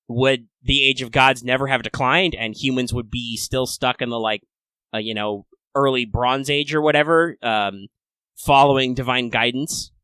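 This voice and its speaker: A man co-hosting a casual fan podcast, talking in a chatty, playful, upbeat way with excited asides. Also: mid-range voice, dry recording. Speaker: podcast co-host.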